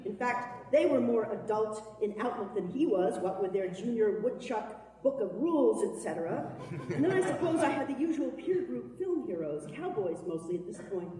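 A woman's voice: fairly high pitch, very animated, moderate pace, dark tone. A woman giving a dramatic spoken-word performance, chanting and sometimes half-singing her lines. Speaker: performance poet. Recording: reverberant hall, from far off.

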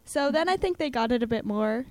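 Chatty student guest, woman, slightly high, rambling and animated with fillers. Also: brisk, no room sound. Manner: chatty, lots of fillers, acts out quotes. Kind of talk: casual chat about poetry.

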